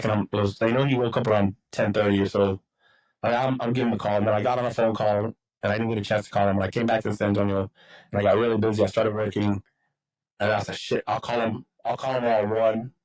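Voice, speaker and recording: A man's voice: fairly low pitch, rough recording. A middle-aged man from Texas, a podcast guest and football coach, telling personal stories in casual talk, swearing freely and acting out what people said. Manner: swears freely, acts out quotes, rambling. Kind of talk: casual storytelling.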